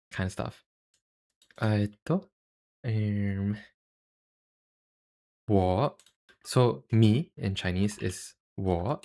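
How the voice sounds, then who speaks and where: Slow, low-voiced male streamer. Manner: halting, filler-heavy, self-deprecating. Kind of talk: casual livestream chat.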